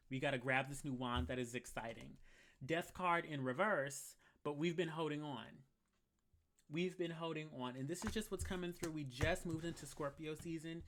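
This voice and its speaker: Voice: medium pitch, a little hiss or hum. A tarot reader hosts a live collective reading with a sassy, blunt delivery full of casual slang. Key phrases come again and again for emphasis, and comments from the chat get answered on the fly.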